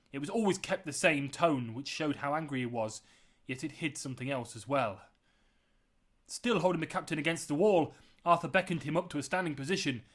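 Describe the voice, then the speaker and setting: A male author reading his own novel aloud at home, with measured, dramatic storytelling. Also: medium pitch. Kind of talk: audiobook-style novel reading.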